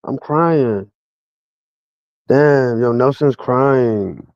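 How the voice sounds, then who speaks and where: A man's voice: medium pitch, drawn-out words, a little mellow, no echo. A man rants casually at his livestream chat in a mid-range voice. His delivery is mocking and full of street slang. The sound is dry and dull, like a lo-fi streaming mic.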